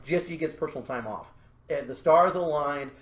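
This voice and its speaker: Animated, laughing man in an echoey room. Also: fairly high pitch, a little fast. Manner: animated, laughing, storytelling with put-on voices. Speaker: podcast host. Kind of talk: casual podcast chat.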